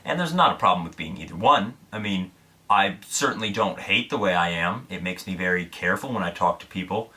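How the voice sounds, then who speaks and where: A man's voice: deep voice, lively intonation, brisk, pushed and bright. A young man from Indiana, a vlogger telling a story to camera in a candid, self-deprecating way, swearing freely.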